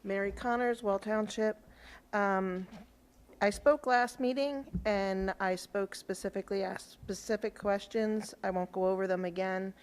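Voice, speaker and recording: A woman giving a measured, reproachful public comment at a school board meeting. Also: medium pitch, fairly even intonation, clear, resonant tone.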